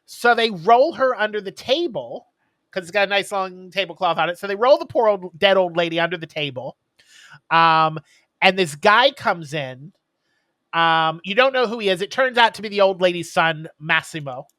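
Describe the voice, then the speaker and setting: A man's voice: high voice, lively intonation, normal speed, pushed and bright, dry recording. A man co-hosting a podcast, casually retelling a movie plot in a rambling way with many ums and uhs. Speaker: podcast co-host.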